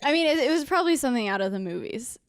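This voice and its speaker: A woman's voice: high-pitched, expressive, racing, over a noisy crowd. A young adult woman hosting a podcast interview, engaged and reflective in conversation. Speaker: podcast host.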